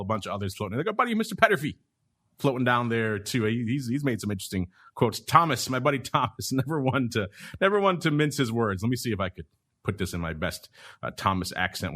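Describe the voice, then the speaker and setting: A man's voice: lowish voice, a bit bright. A man hosting a markets podcast, chatty and wry, with asides. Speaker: podcast host. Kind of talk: casual market talk.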